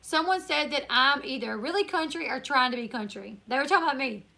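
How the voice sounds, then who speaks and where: A woman with a country Northern Louisiana accent hosts a casual live stream, chatting easily and reading out viewer comments as they come in. Her voice sits high and bright. She sounds a little tired. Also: lively intonation, a little fast, creaky. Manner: chatty, reads viewer comments aloud, laughs often. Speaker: YouTuber live-stream host.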